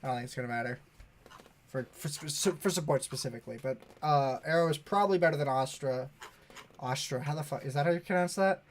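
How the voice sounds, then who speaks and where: A man co-hosting a laid-back gaming podcast, talking in an offhand, unpolished way. His voice sits a little higher than most men's, and he drops the odd swear word while he chats. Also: fast talker, slight background noise. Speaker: podcast co-host. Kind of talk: casual chat about esports.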